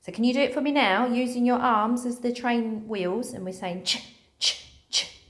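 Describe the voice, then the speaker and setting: A female teacher runs a phonics lesson for young children, her voice on the high side. She speaks slowly and encouragingly, sounding out each letter one at a time.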